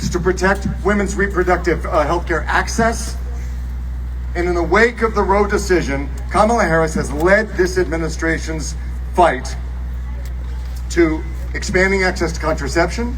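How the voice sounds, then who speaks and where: A man giving an earnest political rally speech outdoors, rising to shouts on key lines. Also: high-pitched. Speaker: rally speaker. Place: outdoor rally beside a bus. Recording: distant outdoor rally mic with noise.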